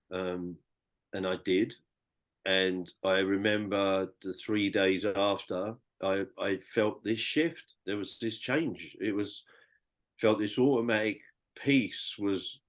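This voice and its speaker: Brief: British man, low voice, rambling heartfelt podcast storyteller. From Britain. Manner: rambling and heartfelt, with many restarts. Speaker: podcast guest. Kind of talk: personal storytelling.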